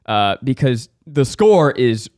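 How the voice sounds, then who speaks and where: Male co-host, wry storyteller, dry close mic, middle pitch. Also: big pitch swings, slow, a little mellow, no echo. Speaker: podcast co-host. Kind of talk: casual comedic chat.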